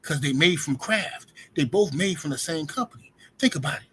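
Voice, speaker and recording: A man's voice: on the high side, normal speed, bright, forceful tone, slight background noise. A man hosting a casual livestream, ranting in loose slang and greeting his viewers by name. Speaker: livestream host. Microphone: streaming setup mic.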